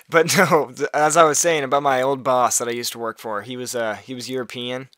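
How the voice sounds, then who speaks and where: A man's voice: medium pitch, steady tone, moderate pace, a bit bright, no room sound, clean studio sound. A man casually commentating a multiplayer game, rambling and laughing often. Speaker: gaming video host.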